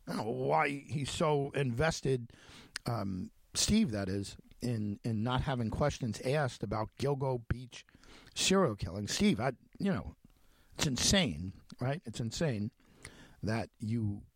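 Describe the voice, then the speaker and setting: A radio host telling a story in a monologue, speaking animatedly with many restarts and acting out the quoted conversations. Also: male voice, mid-range voice, lively intonation, slow, vocal fry, no room sound. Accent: Long Island.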